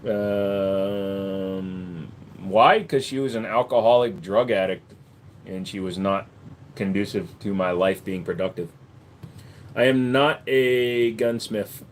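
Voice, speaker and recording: A man's voice: fairly low pitch, slow, slight background noise. A man from the United States hosting a casual livestream, joking and answering viewers' questions at a desk microphone. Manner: joking, slips in and out of put-on accents. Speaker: livestream host.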